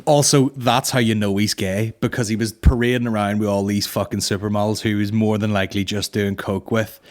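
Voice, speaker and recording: A man's voice: lowish voice, steady tone, fairly quick. A man hosting a comedy podcast, rambling crudely with heavy swearing. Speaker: podcast host. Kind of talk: casual comedy podcast banter.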